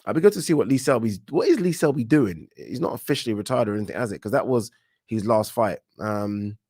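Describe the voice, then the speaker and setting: A man hosting a casual livestream, reading out viewer comments and giving animated, opinionated takes with frequent restarts. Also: lowish voice, fast, husky, dry recording, clean studio sound. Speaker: boxing channel host.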